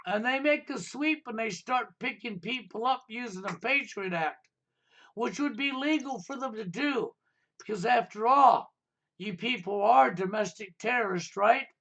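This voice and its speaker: High-voiced ranting male stream host. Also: a little slow, creaky, a bit bright. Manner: ranting, insistent, repeats "okay?" and "right?". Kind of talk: heated political talk stream.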